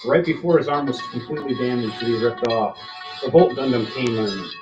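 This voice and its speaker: A man narrating a tabletop role-play game as game master, playful and quick to laugh. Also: medium pitch, dull audio, music in the background. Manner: playful, laughs often, puts on voices.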